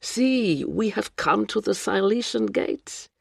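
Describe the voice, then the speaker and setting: A reader doing a worldly Russian woman traveller who talks gravely and matter-of-factly. The voice has a gravelly, creaky edge. It is recorded dry and close, with no room sound. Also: medium pitch, lively intonation, slow, dry recording, voice pushed up, heavily acted.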